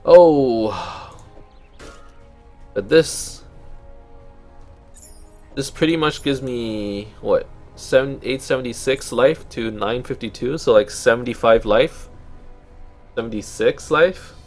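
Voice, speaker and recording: A man's voice: medium pitch, slow, long pauses, faint music behind. A young Canadian man with a Canadian accent, chatting casually while playing a game and thinking aloud. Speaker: let's play host. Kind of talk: casual gameplay commentary.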